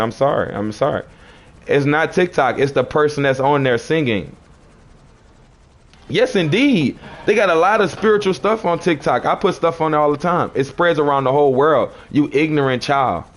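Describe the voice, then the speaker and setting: A man's voice: a little high, animated, moderate pace. A man on a livestream, arguing with chat commenters in a preachy, confrontational way and repeating his phrases.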